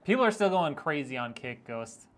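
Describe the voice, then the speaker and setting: A man hosts a casual PC-building livestream, reading chat messages into his microphone at a moderate pace. His fairly bright, sing-song voice sits a little higher than most men's, and he teases viewers loosely and laughs a lot.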